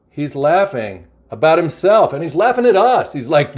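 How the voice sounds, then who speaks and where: A man's voice: fairly high pitch, big pitch swings, normal speed, few pauses, darkish tone. A man giving a casual, enthusiastic spiritual oracle card reading to a camera, often exclaiming and repeating phrases. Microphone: camera mic.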